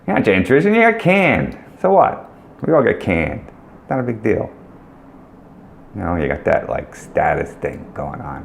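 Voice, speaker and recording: A middle-aged man talks straight to the camera in a loose, rambling monologue, blunt and joking as he hands out career advice. His voice is gravelly, and his pitch leaps and drops with animated swings. He keeps circling back to the same questions. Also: normal speed. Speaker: ad agency owner giving career advice. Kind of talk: casual direct-to-camera monologue.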